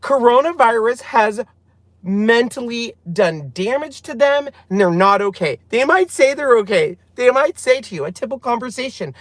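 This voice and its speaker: A man hosting a casual live chat from inside his car, excitable and laughing, admitting he is nervous. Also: extremely high pitch, normal speed, no echo. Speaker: vlogger hosting a live stream.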